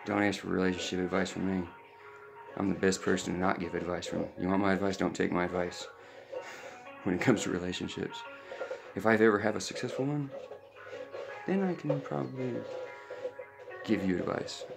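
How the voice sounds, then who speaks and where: A man's voice: low-pitched, steady tone, moderate pace, gravelly, long pauses, over music. A man casually chatting on a live stream, rambling and telling a story in a loose, offhand way. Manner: rambling, baby-talks to his puppies. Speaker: vlogger.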